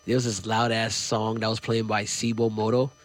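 A man's voice: lowish voice, normal speed. A young man from New York, a guest musician, chatting casually and acting out voices as he tells stories. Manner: animated, acts out voices in his stories. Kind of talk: casual interview chat.

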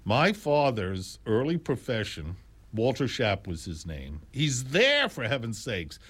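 A man in his sixties or older telling stories in a casual, animated, digressive way, full of exclamations and asides. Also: medium pitch, a little slow, slightly rough. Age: 60s or older. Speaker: jazz storyteller. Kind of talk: casual storytelling monologue.

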